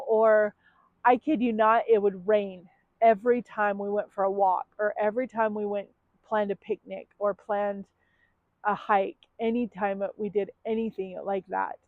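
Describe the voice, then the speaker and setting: In a personal confessional vlog, a woman in her thirties speaks candidly and emotionally at a medium pitch, with plenty of ums and likes. Her voice sounds thin and tinny, like a phone line, and the recording is dry with no room sound.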